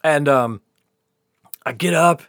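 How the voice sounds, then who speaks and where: Guy with a kinda high voice telling a crazy story on a podcast, laughs a lot, swears, dry sound. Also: slow, dry recording. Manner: animated, laughing often, swearing freely, acting out quotes. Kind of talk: casual storytelling chat.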